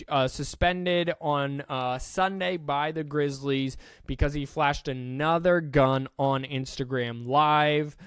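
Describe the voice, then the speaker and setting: Guy doing a solo sports podcast, fairly high voice, smooth, dry close mic, chatty and joking at himself. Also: no room sound. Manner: chatty, self-deprecating, with restarts and stumbles over names. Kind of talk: casual solo sports rundown.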